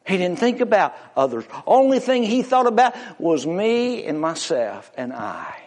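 Slow, swooping male preacher. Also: sing-song, a little mellow. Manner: emphatic, drawn-out pulpit delivery with big pitch swings. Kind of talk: sermon.

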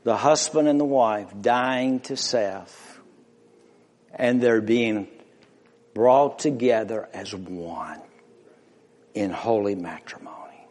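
A man's voice: medium pitch, slow pace, a little mellow. A man preaching a sermon with passion, building through repeated phrases and rhetorical questions. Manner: impassioned, rhetorical questions, repetition. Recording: long reverb of a large hall.

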